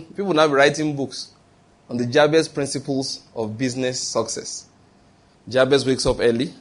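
A male preacher delivers a sermon in a husky, slightly breathy voice at a middle pitch. He drives his points home by asking rhetorical questions and answering them himself, repeating key phrases for emphasis.

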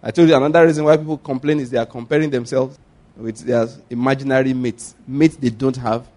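A man's voice: medium pitch, brisk. A man, preaching a sermon as pastor. He tells stories with frequent laughter and asks the congregation questions for them to answer back. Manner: animated storytelling with call-and-response questions; laughs often while preaching.

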